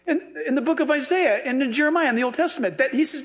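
Man, pastor, high voice, lively humorous sermon, acts out dialogue. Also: quick pace.

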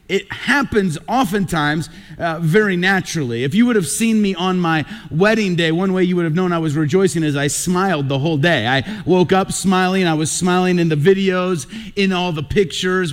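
A middle-aged man, a pastor, preaching a sermon on a radio broadcast with earnest personal stories and emphatic repetition. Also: high-pitched.

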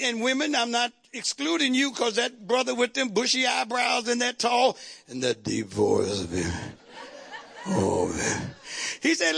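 A male pastor preaching a fervent sermon, shouting at times and calling on the congregation to respond. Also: very high voice, expressive, unhurried, creaky.

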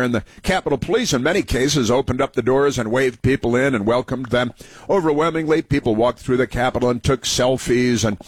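A man's voice: mid-range voice, no echo. A man hosting a call-in radio show, talking in a rambling, opinionated monologue full of fillers and repeated phrases. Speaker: radio talk show host.

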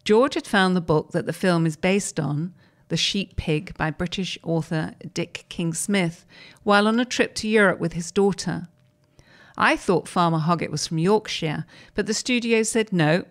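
A woman reading newspaper articles aloud at a measured, even pace. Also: on the low side. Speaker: reader of articles.

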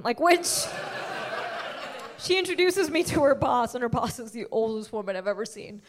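A woman's voice: high voice, steady tone, normal speed. A woman from the United States doing stand-up comedy, brash and punchy, often laughing through her lines.

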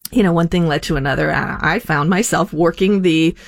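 A woman guest telling a personal story in a halting way, with frequent restarts. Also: low voice, gravelly.

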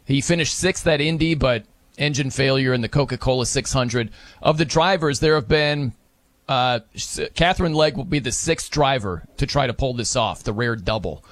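A man hosting casual sports talk, animated and laughing, acting out wrestling taunts between racing facts. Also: mid-range voice, normal speed, no room sound.

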